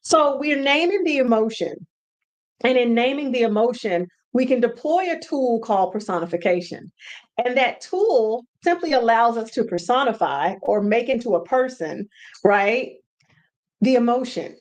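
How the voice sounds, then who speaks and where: A woman hosting a casual teaching talk from home, animated and repeating words for emphasis. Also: fairly high pitch, normal speed. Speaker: podcast host and brand coach.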